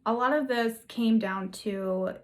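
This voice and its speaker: A woman's voice: a little high, takes it slowly. A woman telling history in a casual, chatty way, full of sarcastic, playful asides. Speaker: history video host.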